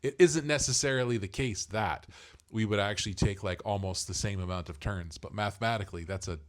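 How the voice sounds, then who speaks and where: A man's voice: fairly low pitch, brisk. A middle-aged father co-hosting a casual family podcast, rambling and self-deprecating as he explains things.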